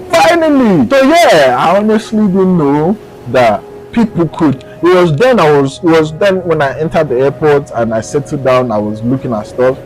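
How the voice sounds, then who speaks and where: A man's voice: mid-range voice, poor audio. Nigerian man telling a story. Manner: animated, swings between hushed and excited retelling. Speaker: vlogger. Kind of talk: casual storytelling to camera.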